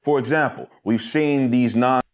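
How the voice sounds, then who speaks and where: A man narrating a scripted commentary in a critical, measured way. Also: medium pitch.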